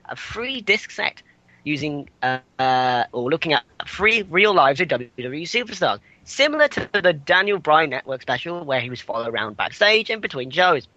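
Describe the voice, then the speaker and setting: A man's voice: on the high side, big pitch swings, moderate pace, bright, forceful tone, dry recording, highs cut off, soft background music. A man co-hosting a casual podcast, reading out news items with stumbles, fillers and asides.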